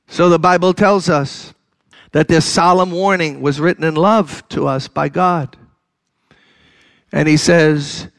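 An older man preaches a sermon in a fairly high, gravelly voice, speaking slowly with fairly even intonation and frequent pauses, on a dry recording. He builds to loud, impassioned, emphatic exhortation, then eases back into direct, conversational appeals.

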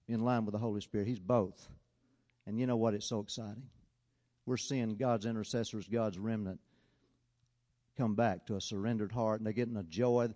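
A man preaching a sermon, telling a story and swinging between loud, urgent appeals and quiet, hushed passages. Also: lowish voice, fairly even intonation, fairly quick, long reverb tail.

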